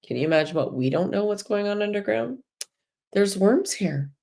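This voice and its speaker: A woman's voice: mid-range voice, expressive, normal speed, gravelly, darkish tone. A woman voicing a small, adventurous rebel acorn in a wide-eyed storybook voice. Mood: curious.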